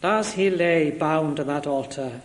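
A man with a voice on the high side preaches an expository sermon, earnest and measured, driving his points home through repetition.

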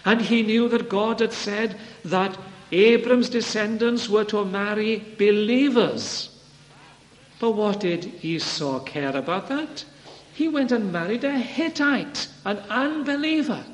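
A man's voice: high-pitched, expressive, slow pace. A man preaching a sermon in a church, emphatic and repeating his key phrases. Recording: reverberant hall with faint background hiss.

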